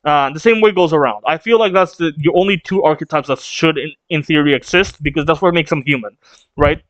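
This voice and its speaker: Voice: medium pitch, fairly quick, dry recording, dull audio. A streamer reading manga live and reacting in a chatty, opinionated way, laughing often.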